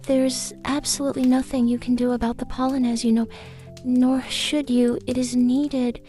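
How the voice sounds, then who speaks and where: Woman playing a tiny preachy garden fairy, high-pitched, flat delivery, soft mellow tone, faint music behind. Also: moderate pace, close to an everyday voice. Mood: agitated. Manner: preachy, easily agitated, rambling. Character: small fussy female garden fairy. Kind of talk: comic character podcast chat.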